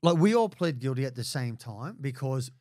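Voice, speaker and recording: This middle-aged Australian podcast guest speaks at medium pitch and normal speed, recorded dry. Chatting casually, he tells blunt, sweary stories and livens up whenever he acts out other people's quotes.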